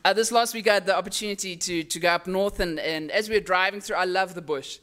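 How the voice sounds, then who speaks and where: A woman's voice: on the low side, fast talker, a bit bright. A woman preaching a Mother's Day sermon at a church service, talking over slides in a conversational way with frequent restarts.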